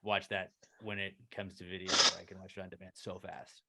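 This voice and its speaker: A man co-hosting a podcast, reading out listener questions in a relaxed, casual way and trailing off often. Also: low-pitched, a little fast, very noisy. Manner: laid-back, trails off, says "dude". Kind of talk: casual chat.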